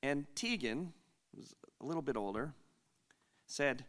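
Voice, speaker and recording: A man's voice: medium pitch, expressive, measured pace, fairly bright tone. A middle-aged man hosting a conference Q&A, telling a long family story in a chatty, self-interrupting way and laughing often. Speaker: conference Q&A host. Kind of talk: casual storytelling Q&A.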